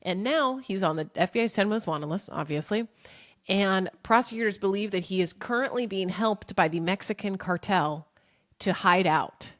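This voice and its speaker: A young adult woman co-hosting a podcast, telling a story in an animated, chatty way. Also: medium pitch, moderate pace, dry recording, studio quality. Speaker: podcast co-host. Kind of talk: casual chat.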